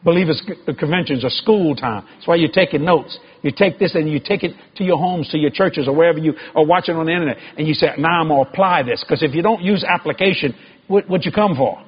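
A man preaching a sermon to a congregation, with emphatic stresses and sudden high shouted climbs. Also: fast, slightly rough, muffled recording.

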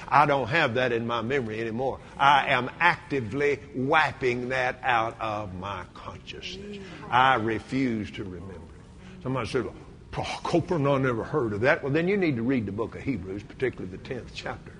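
A man preaching a sermon to a congregation. He acts out dialogues, stretches key words and builds toward shouting. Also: mid-range voice, a little fast. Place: church before a responding congregation.

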